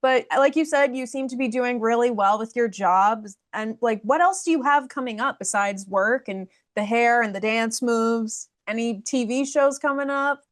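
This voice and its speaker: A woman hosting a podcast, reacting in quick, chatty bursts and asking her guest questions. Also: fairly high pitch. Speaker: podcast host. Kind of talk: casual interview chat.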